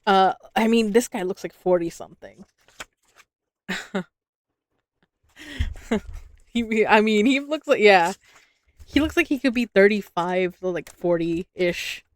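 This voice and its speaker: A woman reads a classic novel aloud on a stream and breaks off for chatty asides to her pets. Her pitch sits in the middle, and she swears and laughs freely. The sound is dry and close. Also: expressive, measured pace, pauses often, no echo. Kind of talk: casual reading and chat.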